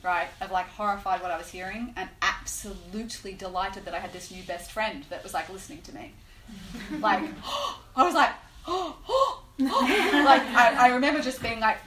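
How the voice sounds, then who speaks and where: Woman teacher, lively storyteller to a live class; roomy echo, faint background noise. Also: medium pitch, fairly quick. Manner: animated storyteller, many "like" and "right?" fillers. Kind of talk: personal story in a class talk. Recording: echoey room, faint noise.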